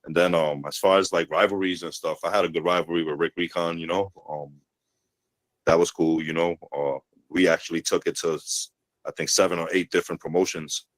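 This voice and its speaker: A man's voice: deep voice, steady tone, a little fast, no echo. A man talking as a pro wrestling guest in casual podcast chat, laid-back, swearing freely and tagging his sentences with "you know what I mean".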